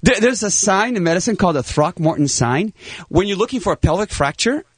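A man in his fifties, a plastic surgeon guest on a talk show, chatting in an excitable, salesy and jokey way. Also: high-pitched, fairly quick, husky, dry recording. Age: 50s. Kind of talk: animated talk show chat.

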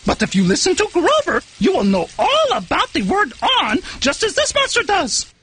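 Grover: a squeaky, bouncy furry monster. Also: male voice, huge pitch swings, moderate pace, a bit bright, full character voice. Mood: gleeful. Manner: eager, sing-song parody delivery. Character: excitable furry male puppet monster. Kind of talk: comic parody sketch. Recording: faint noise in a played clip.

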